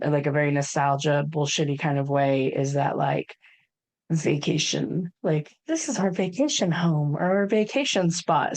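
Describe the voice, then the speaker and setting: A woman in her thirties with a somewhat low voice talks casually on a podcast. She rambles and restarts often, with plenty of fillers. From United States. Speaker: podcast co-host. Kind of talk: casual chat.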